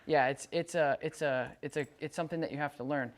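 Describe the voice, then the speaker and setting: A woman's voice: sits low, fairly even intonation, fast. A woman dog trainer teaching a client how to handle a dog on a leash, often restarting her sentences as she explains. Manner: coaching, repeats words and restarts sentences. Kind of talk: hands-on dog training instruction.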